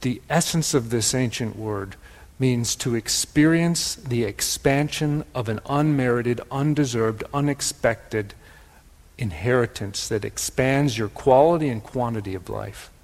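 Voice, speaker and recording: A man with a Wisconsin accent teaching in a slow, reflective way, turning words over and repeating them as he goes. His pitch sits in an ordinary middle range, and the sound carries a long hall reverb. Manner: gentle, pondering, repeats words for emphasis. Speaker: spiritual teacher.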